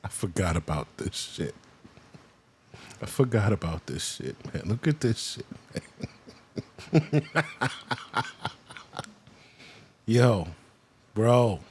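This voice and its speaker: A man's voice: fairly low pitch, sing-song, slow, pauses often, a little mellow, slight background noise. A man hosting a reaction video, casually commenting and mockingly imitating the people in the clips. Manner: laid-back, mocking, mimics clip speakers.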